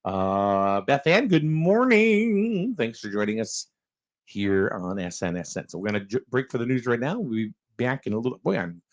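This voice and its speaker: A man's voice: fairly low pitch, fairly quick. A man hosting a casual local morning radio show, rambling with fillers and chuckling as he talks.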